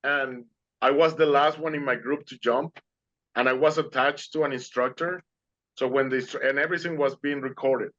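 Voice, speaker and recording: A man's voice: mid-range voice, steady tone, moderate pace, fairly bright tone, dull audio. A man speaking as an interview guest, telling his story earnestly and animatedly in non-native English phrasing over a video call.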